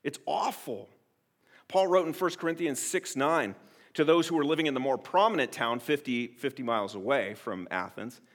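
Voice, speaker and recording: Male pastor, earnest sermon delivery, mid-pitched voice, emphatic, restarts phrases. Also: normal speed. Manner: earnest, emphatic, swings between soft and loud.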